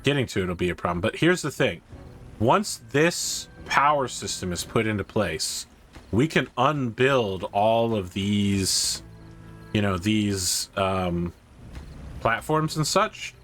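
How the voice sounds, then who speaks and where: A man streaming a city-building game, thinking aloud in casual commentary that rises when he gets excited. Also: on the low side, slow pace, faint music behind. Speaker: gaming streamer.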